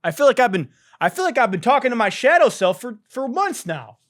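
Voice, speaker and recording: A man's voice: very high voice, big pitch swings, fairly quick, fairly bright tone, dry recording, clean studio sound. Exasperated, swearing male comedy podcast host. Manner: profane, exasperated, laughs a lot. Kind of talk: comedic commentary.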